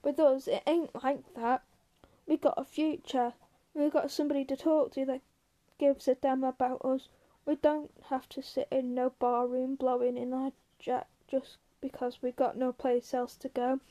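A woman reading aloud, voicing a gruff, weary ranch hand who scolds his friend. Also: high voice, level tone, moderate pace, mellow, natural voice.

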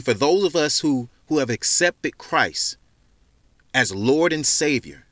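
A man's voice: medium pitch, fairly bright tone, no room sound. Fervent man preaching on a podcast. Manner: fervent, preacherly, repeats phrases for emphasis. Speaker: podcast host.

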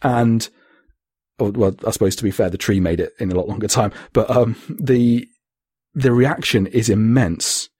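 A man with a husky voice, chatting casually on a podcast in a rambling, sweary way. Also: lowish voice, moderate pace, a little mellow, no echo, studio quality. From Britain. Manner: rambling, sweary, laughs often. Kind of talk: casual chat.

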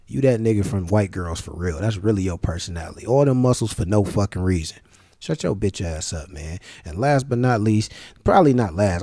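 A man giving a profane, sarcastic ranting commentary, often jumping into high-pitched outraged questions. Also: dark tone, husky, dry recording, clean studio sound. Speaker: vlogger.

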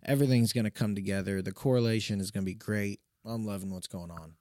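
A man's voice: on the low side, fairly even intonation, fast talker, darkish tone, dry recording, clean studio sound. A man hosting a podcast in casual chat, talking loosely with lots of swearing and "you know what I mean" fillers. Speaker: podcast host.

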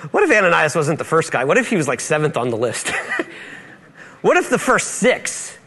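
A man's voice: on the high side, very animated, measured pace, long pauses, fairly bright tone, slightly rough. A male pastor preaching a sermon in a church, playful and acting out Bible dialogue in different voices.

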